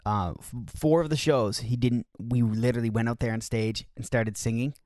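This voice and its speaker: A man's voice: medium pitch, fairly even intonation, normal speed, a little mellow, no room sound, studio quality. A man telling touring stories in casual chat, rambling with lots of fillers. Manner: rambling with many fillers and restarts.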